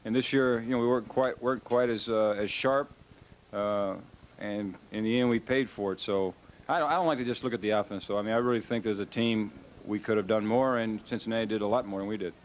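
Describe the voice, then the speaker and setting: A man's voice: fairly low pitch, brisk, a little hiss or hum, low-quality recording. A man, a losing team's manager, giving a subdued, reflective post-game interview.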